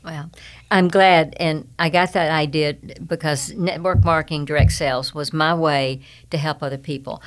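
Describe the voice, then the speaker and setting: An older woman with a Southern US accent tells lively stories as an interview guest. Her voice sits a bit low. She jokes and leans on folksy sayings. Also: normal speed. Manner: animated, joking, folksy sayings. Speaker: guest, humorist and speaker. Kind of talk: casual storytelling interview.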